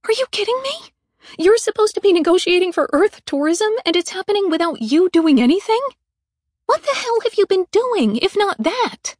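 A blunt, impatient heroine with a sarcastic edge, voiced by a woman narrating a story. Her voice sits high and carries more push than the narration around it. The recording is dry and close. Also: expressive, moderate pace, darkish tone, no echo. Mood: snappy. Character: brash, impatient young woman on a space station.

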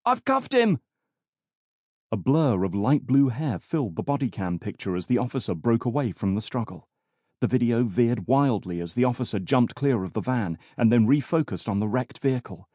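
A man narrating an audiobook in measured, scripted storytelling. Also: on the low side, mellow, husky, no echo. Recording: dry studio recording.

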